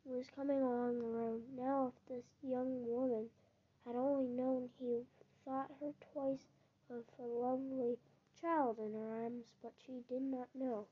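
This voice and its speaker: A woman reads a children's book aloud in a gentle storytelling manner, now and then stumbling over a word and restarting it. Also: high-pitched, flat delivery, unhurried, breathy edge. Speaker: narrator. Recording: dull lo-fi recording.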